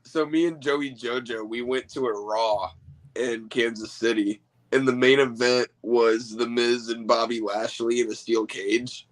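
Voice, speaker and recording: A man who wrestles, talking casually and excitedly about his favorite matches as a guest on a stream. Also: medium pitch, low-quality recording. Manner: rambling, excitable fan talk. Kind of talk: casual podcast chat. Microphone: remote call mic.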